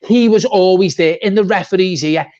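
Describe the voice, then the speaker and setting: A man's voice: high voice, moderate pace, darkish tone. A man co-hosting a fan channel, giving a blunt, swearing, repetitive rant in a football reaction chat. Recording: dull lo-fi sound.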